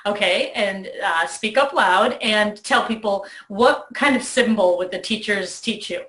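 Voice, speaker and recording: A middle-aged woman hosting a talk, telling a lively story to a child in a bedroom. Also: medium pitch, a little slow, echoey room. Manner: animated storyteller, acts out voices in quotes. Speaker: host. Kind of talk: warm storytelling to a child on video.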